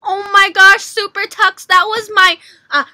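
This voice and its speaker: Bright, squealy young woman gushing. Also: very high-pitched, flat delivery, unhurried, no echo, studio quality. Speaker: reaction video host. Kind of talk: excited reaction commentary.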